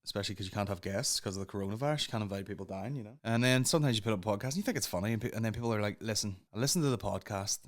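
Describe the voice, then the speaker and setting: A man's voice: fairly low pitch, racing, few pauses. A man hosting a solo comedy podcast, swearing freely and breaking into mimicked voices. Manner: profane, excitable, mimics voices mid-story. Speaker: podcast host.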